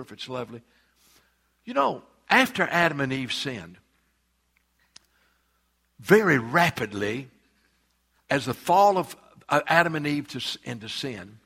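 A man preaching a sermon as pastor. He speaks emphatically, slows down to stress key phrases and reads scripture aloud with his congregation. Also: medium pitch, sharp tone.

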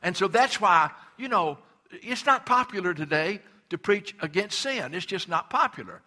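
An older male pastor delivers a fervent sermon. His voice sits a little high and rings bright. He stammers on restarts and leans hard into the words he wants to land. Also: animated, normal speed.

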